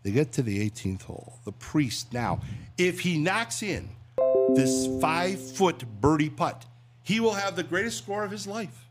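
A man's voice: a little high, animated, a little slow, music in the background. A man who works in radio and voiceovers, a guest chatting casually and telling jokes with acted voices. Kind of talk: casual chat and joke-telling.

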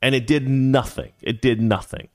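A man's voice: medium pitch, fairly even intonation, normal speed, darkish tone, no echo, clean studio sound. Sarcastic, heated male podcast co-host. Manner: sarcastic, heated, mock-serious. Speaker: co-host reading news stories. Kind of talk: casual political commentary.

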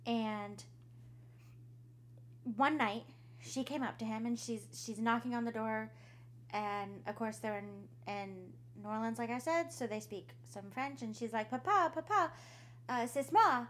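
A woman, her voice sitting a little high, relaxed and chatty as she tells a creepy tale on her podcast. She drops in a swear word here and there and slips into the characters' voices for their lines. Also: a little slow, a little hiss or hum. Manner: laughs often, swears casually, acts out quotes. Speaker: podcast co-host. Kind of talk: casual storytelling chat.

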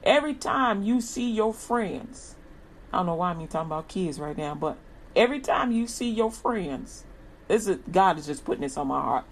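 A woman's voice: fairly low pitch, moderate pace, a little hiss or hum. A woman preaching an informal inspirational sermon, talking colloquially and repeating an upbeat slogan again and again. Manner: colloquial, repeats a slogan, acts out lively quoted greetings.

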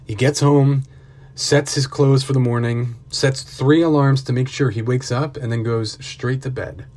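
A man's voice: mid-range voice, steady tone, unhurried, darkish tone. A man narrating a motivational story earnestly, with building intensity.

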